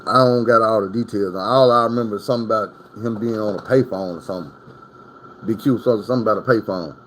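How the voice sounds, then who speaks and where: A man's voice: fairly low pitch, fast, a little hiss or hum. A man from Arkansas, telling prison stories in a casual storytime monologue. His talk is profane and rambling, full of asides to the listener.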